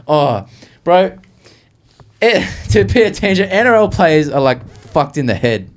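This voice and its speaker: A man's voice: on the high side, very animated, unhurried. Rambling young man, swearing. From Australia. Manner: rambling storyteller, swears freely. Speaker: podcast co-host. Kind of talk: casual chat.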